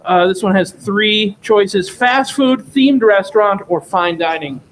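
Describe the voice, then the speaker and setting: A man hosting a live comedy show, quizzing a comic in an excitable, playful way. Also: sits high, a little slow, poor audio. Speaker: show host. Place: comedy studio stage with live audience.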